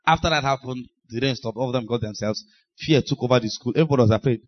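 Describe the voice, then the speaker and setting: A man preaching a sermon, telling deliverance stories with laughs and sudden shouted lines. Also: medium pitch, fast talker, a little hiss or hum. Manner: animated storytelling, laughing, shouting bursts. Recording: dull lo-fi recording.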